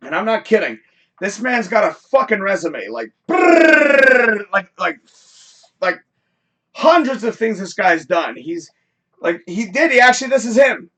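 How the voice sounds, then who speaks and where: A man hosting a live show, telling a rambling, animated story in casual chat and swearing freely. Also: high voice. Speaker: show host.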